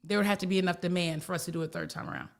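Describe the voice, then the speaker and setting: A woman's voice: on the low side, wildly swooping pitch, racing. Blunt, folksy woman spiritual teacher. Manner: blunt, preachy, folksy, repeats herself. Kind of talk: casual talk.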